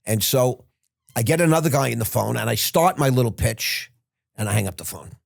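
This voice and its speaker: An older man, a podcast guest, telling stories in a rambling way with halting restarts. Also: mid-range voice, expressive, gravelly, no room sound, clean studio sound. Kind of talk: casual storytelling.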